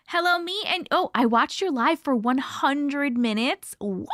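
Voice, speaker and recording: Chatty and giggly, a bubbly woman with a high, bright voice talks casually to viewers on her live stream, greeting them one after another in a sing-song way. She's animated and brisk, barely pausing and giggling often. The sound is close and dry.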